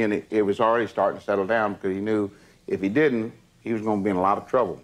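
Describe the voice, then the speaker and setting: An older man, recalling old times in a plainspoken, steady way. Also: on the low side, rapid-fire. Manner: plainspoken, steady, fills with "you know". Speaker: former entourage member telling stories. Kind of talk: casual storytelling.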